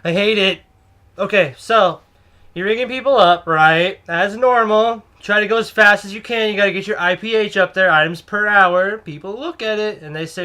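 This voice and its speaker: A young man telling a comedic story about a cashier job in an excitable, exaggerated, rambling way. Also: high voice, normal speed. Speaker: comedic vlogger playing a cashier.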